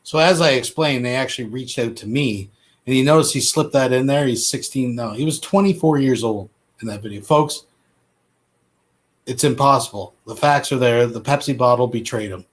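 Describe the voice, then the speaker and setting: A man's voice: medium pitch, normal speed. A man from Canada hosting a live stream, commenting bluntly and talking straight to his viewers.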